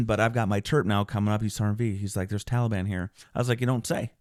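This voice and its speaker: A man, a military veteran, recounting his deployment in an earnest podcast interview, often clearing his throat and restarting sentences. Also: fairly low pitch, steady tone, quick pace, a little mellow.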